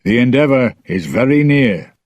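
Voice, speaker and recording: A man's voice: mid-range voice, animated, moderate pace, darkish tone, no echo, pitched above the performer's own voice, close to an everyday voice. A man voicing a loyal, practical sailor in his own plain, urgent tone.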